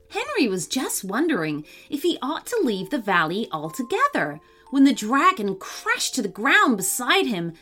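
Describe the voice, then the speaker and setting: A woman narrating a children's story in an expressive, animated way. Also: fairly high pitch.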